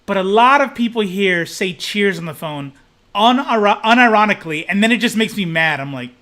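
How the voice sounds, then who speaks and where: A young man co-hosting a casual live stream, animated and rambling, swearing freely. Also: high-pitched, fairly quick. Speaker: co-host of a comics podcast.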